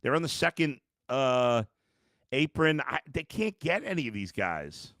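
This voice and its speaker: His voice is mid-range and fairly bright, with an unhurried, sing-song delivery, recorded dry at studio quality. The man runs a live sports podcast, reading fan comments aloud and reacting with blunt, exasperated swearing as he grows tired and frustrated.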